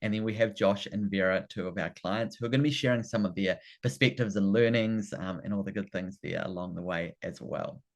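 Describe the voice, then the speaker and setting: Man, New Zealand accent, lowish voice, enthusiastic webinar host, video call. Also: fairly quick, hardly any pauses. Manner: enthusiastic, keeps repeating "fantastic" and "amazing". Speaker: workshop host. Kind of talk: upbeat live webinar hosting.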